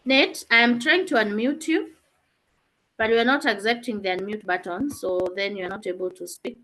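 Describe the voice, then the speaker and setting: A woman's voice: medium pitch, normal speed, sharp tone. A woman teacher explaining answers and calling on students in an online revision class over a video call.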